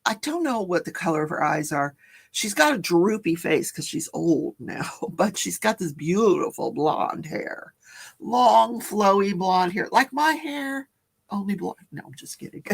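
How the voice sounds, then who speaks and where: Gravelly woman chatting on a livestream. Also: medium pitch, lively intonation, measured pace. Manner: chatty, laughs often, greets viewers in the chat. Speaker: livestream host. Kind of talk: casual true-crime livestream chat.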